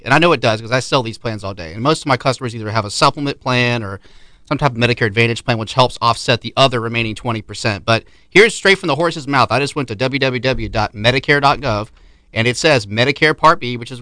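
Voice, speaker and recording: A man's voice: medium pitch, sharp tone, no echo. A man hosting a casual interview, upbeat and chatty, explaining insurance coverage. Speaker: podcast host, insurance agent.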